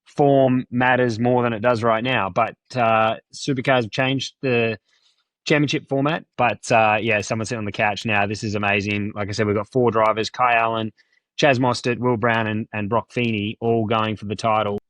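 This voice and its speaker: A man's voice: on the low side, steady tone, normal speed, fairly bright tone, dry recording. Man, racing driver guest, easygoing, dry sound. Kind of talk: guest interview.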